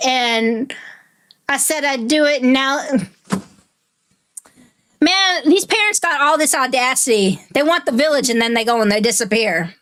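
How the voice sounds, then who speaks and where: Brief: gamer woman, high voice, slow drawl, swearing and joking. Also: a bit bright. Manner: casual, profane and joking. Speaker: gaming streamer. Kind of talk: game let's play commentary.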